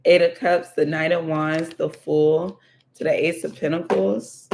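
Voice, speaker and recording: A woman's voice: low voice, fairly even intonation, unhurried, creaky, darkish tone. A woman giving a casual tarot reading, thinking aloud with many fillers and repeating her questions to the cards. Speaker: tarot reader.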